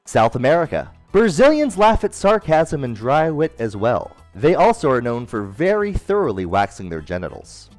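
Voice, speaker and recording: A man delivering a scripted comedy monologue, deadpan jokes between quick silly voices. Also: mid-range voice, no echo, faint music behind. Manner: deadpan jokey delivery with sudden character voices. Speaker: comedy host.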